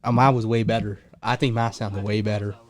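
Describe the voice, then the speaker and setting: A man's voice: on the low side, steady tone, brisk. A man co-hosting a podcast in casual joking chat, teasing and profane, with mock-angry outbursts. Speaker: podcast co-host.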